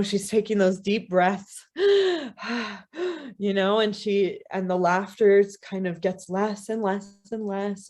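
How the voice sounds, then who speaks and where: A woman speaker telling a story aloud at a talk, vivid and expressive, with repeated phrases for rhythm. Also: medium pitch. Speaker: guest speaker, scholar.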